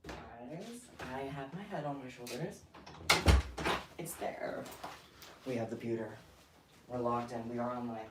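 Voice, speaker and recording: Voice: medium pitch, animated, slow, long pauses. A livestream host talking casually, out of breath and chatty, with a scattered, giggly way of talking. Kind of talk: casual live stream chat. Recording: roomy echo, distant mic, faint noise.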